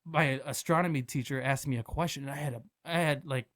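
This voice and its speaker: A young man, a podcast guest, telling a story in casual chat, animated, with swearing and laughter. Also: mid-range voice, a little fast. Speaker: podcast guest, restaurant manager and food truck owner.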